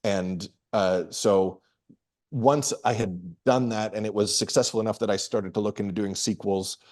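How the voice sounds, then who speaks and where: A middle-aged man, a comedian, answering interview questions in a relaxed, storytelling way with frequent restarts. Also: lowish voice, moderate pace. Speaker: guest comedian and performer.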